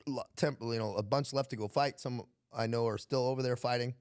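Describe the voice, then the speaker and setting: A man's voice: mid-range voice, fairly even intonation, a little fast, a little mellow, clear, resonant tone. An American man, a military veteran guest, telling stories in a laid-back, profane way and laughing often. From United States. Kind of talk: casual podcast storytelling.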